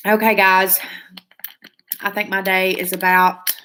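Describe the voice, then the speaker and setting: A woman's voice: mid-range voice, level tone, slow, sharp tone. A woman hosting a casual beauty live stream, reading viewer comments aloud in a gushing, chatty way with lots of fillers.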